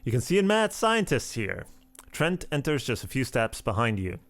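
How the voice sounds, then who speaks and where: A man's voice: mid-range voice, big pitch swings, moderate pace, fairly bright tone, no room sound. A man hosting a let's play of a text adventure, reading the game's text aloud at an easy pace. He breaks off now and then for wry asides. His voice sits in a mid range, close on a dry microphone.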